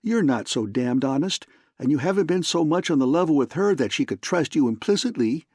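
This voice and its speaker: A man's voice: mid-range voice, lively intonation, normal speed, darkish tone, dry recording, studio quality. A man reading an audiobook, voicing a worried, fiery young woman secretary in an impassioned, indignant manner.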